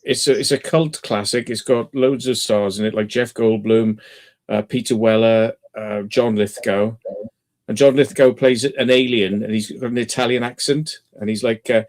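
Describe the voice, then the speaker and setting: A man's voice: mid-range voice, fairly even intonation, moderate pace, darkish tone. A man chatting casually as a channel host, his voice sitting right in the middle of the range. He rambles through his stories, leaning on fillers and restarts. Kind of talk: casual chat.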